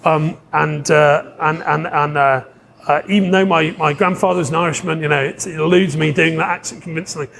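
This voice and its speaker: A man telling a long story in a casual podcast chat, animated, laughing often and swearing, with many restarts. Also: fairly high pitch, a little fast, vocal fry. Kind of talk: casual anecdote.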